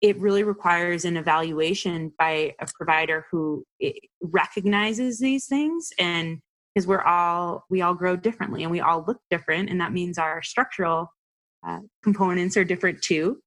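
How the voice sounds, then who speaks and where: A woman's voice: lowish voice, normal speed, a bit bright. A woman in her forties, a health practitioner, explaining earnestly as a guest on an interview podcast.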